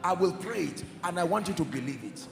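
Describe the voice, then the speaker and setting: A man preaching a sermon in an emphatic, fervent way, sometimes shouting and sometimes dropping to a hush. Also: high voice, animated, fairly quick, creaky. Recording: echoey hall with music behind. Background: soft music.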